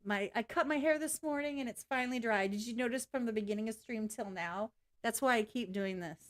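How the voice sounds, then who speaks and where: A woman chats straight to her stream viewers in a loose, unscripted rant. Her voice sits a little high for a woman, and she is blunt and swears freely. She laughs easily between points. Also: brisk. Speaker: live streamer. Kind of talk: casual ranting livestream chat.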